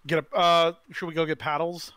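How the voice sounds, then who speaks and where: A man banters through a tabletop game, joking at his own expense. His voice is bright and sits a little high. He talks in a loose, casual way. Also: flat delivery, fairly quick, dry recording. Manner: joking, self-deprecating banter. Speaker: player.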